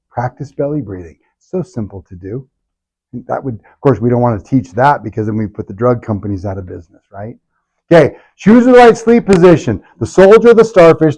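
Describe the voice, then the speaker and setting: A man's voice: medium pitch, warm tone. A middle-aged man, a chiropractor, leading a live workshop with punchy talk, sarcastic asides and constant rhetorical questions.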